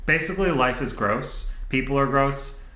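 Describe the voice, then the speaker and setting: A man's voice: medium pitch, normal speed, pushed and bright, echoey room, rough recording. A man hosting his own channel, rambling in an unedited monologue, self-mocking and laughing often as he talks back to his own thoughts. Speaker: channel host. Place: indoor room, sitting at camera.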